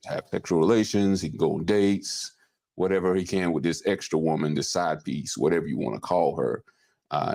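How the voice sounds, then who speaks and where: A man with an extremely deep, gravelly voice hosts a podcast in easygoing casual chat. He steers the talk from one topic to the next. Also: darkish tone. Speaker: podcast host.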